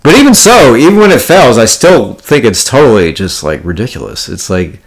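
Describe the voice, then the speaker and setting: A man's voice: mid-range voice, very animated, normal speed, gravelly, few pauses. A man telling a poker story in a casual, blunt, profanity-heavy monologue, full of card jargon and rambling restarts. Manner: profane, blunt, exasperated ranting. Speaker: poker player vlogger.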